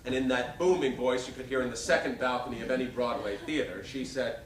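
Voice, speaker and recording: A man in his fifties performing a one-man show, telling stories in an animated, self-mocking way. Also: mid-range voice, fairly quick, hardly any pauses. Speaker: stage performer. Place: theater stage. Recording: roomy live stage sound from a distance.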